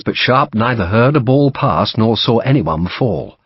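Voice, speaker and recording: A man narrating an audiobook in a measured, vivid storytelling manner. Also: mid-range voice, expressive, breathy edge, no echo, lo-fi sound. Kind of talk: scripted narration.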